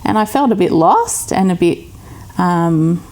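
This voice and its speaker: An Australian woman with a slightly gravelly voice, answering interview questions reflectively. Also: fairly low pitch, lively intonation, darkish tone. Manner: reflective, measured. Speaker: returned missionary.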